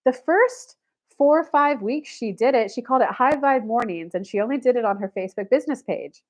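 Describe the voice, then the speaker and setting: A woman spiritual coach tells a story on her livestream and speaks of herself in the third person. She acts out each quoted person, so her voice jumps up and down with plenty of energy. Her voice sits a little higher than most women's. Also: expressive, quick pace.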